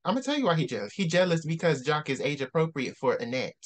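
A man with a fairly high voice goes on a heated rant about a character in a book he read. He talks in a casual, animated way. He hammers his points home by repeating them over and over. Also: fast talker. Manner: heated, ranting, repeats for emphasis. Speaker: book discussion co-host.

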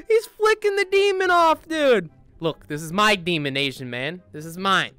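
Man, high voice, very lively pitch, goofy, hyper gameplay commentary. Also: a little slow, smooth, no echo, soft background music. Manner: goofy, hyper, loud outbursts and laughter. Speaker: gaming YouTuber.

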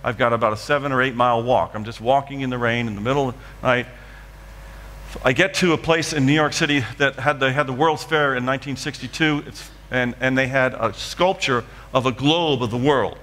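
Man preaching his story dramatically, bright tense voice, big echoing church. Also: medium pitch, fairly even intonation, brisk. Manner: dramatic storytelling, acting out scenes. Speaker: guest preacher. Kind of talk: sermon testimony.

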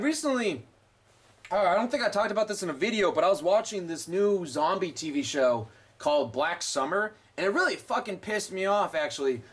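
A man's voice: high-pitched, breathy edge. A young man commenting on his gameplay, swearing constantly and ranting sarcastically. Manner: profane, sarcastic, rambling. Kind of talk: let's play commentary.

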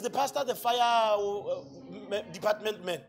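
A man preaching a sermon, telling a long story and swinging between loud shouting and quiet, hushed asides. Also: high-pitched, slow, long pauses, faint music behind.

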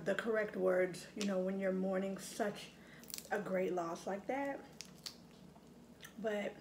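Her voice mid-range and a little mellow, a middle-aged woman reminisces reflectively while eating at home for her mukbang vlog. The casual chat is full of fillers, recorded in an echoey room with faint ambience and slight background noise.

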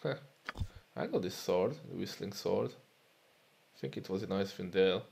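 A man's voice: deep voice, normal speed, vocal fry, darkish tone, slight background noise. A man casually commenting while playing a game, muttering to himself and swearing often. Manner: muttering, swearing, self-amused. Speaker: let's play host.

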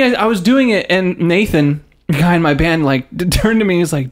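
A man's voice: high-pitched, brisk, hardly any pauses. A man hosting a casual podcast chat, telling stories with lots of asides and swearing. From American South. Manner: animated storyteller, jumps into mock voices, swears. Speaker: podcast host.

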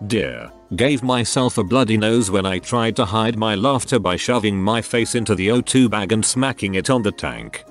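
Low-voiced man reading stories. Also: normal speed, hardly any pauses, soft background music. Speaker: narrator reading online stories. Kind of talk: scripted story narration.

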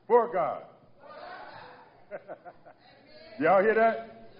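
Preacher guy, kinda high voice, lots of repeating and amen-asking, big echoey church. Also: unhurried, lo-fi sound. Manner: emphatic, repetitive, calls for congregation responses. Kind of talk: sermon. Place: church sanctuary. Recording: long reverb of a large hall.

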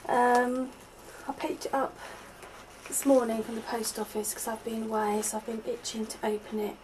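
A middle-aged woman gushing softly as she opens a parcel at home, with lots of delighted exclamations. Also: a little high, flat delivery, normal speed, background noise. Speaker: vlogger opening happy mail. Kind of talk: unboxing chat. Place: at home in a conservatory.

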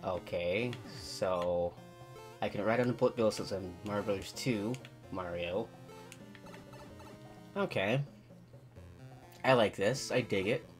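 A man hosting a gaming channel, giving excitable let's play commentary and talking to himself as he plays. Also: on the low side, slow, long pauses, faint music behind. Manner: excitable, talks to himself while playing.

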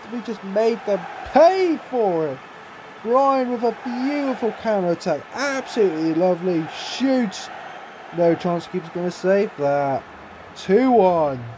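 A young man commentating his own football video game, excitable, swearing and shouting at his players. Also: high voice, background noise. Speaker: gaming YouTuber.

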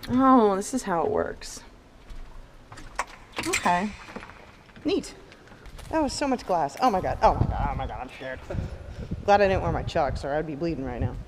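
A woman vlogging casually, chatty and excitable, talking in quick bursts as she explores. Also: fairly low pitch, noisy background. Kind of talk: casual vlog chat. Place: indoors, exploring and in a music store. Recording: music playing loudly behind.

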